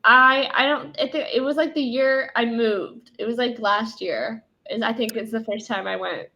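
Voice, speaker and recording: A woman's voice: a little high, normal speed, bright, forceful tone, highs cut off. A young woman co-hosting a casual chat with her father, talking with chatty enthusiasm. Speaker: podcast co-host, daughter.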